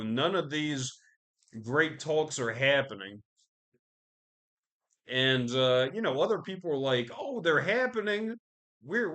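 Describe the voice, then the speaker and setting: A man's voice: mid-range voice, fairly bright tone. A man hosting a podcast, ranting casually about the news with constant swearing, fillers and restarts. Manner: profane, rambling, lots of fillers and restarts. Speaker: podcast host.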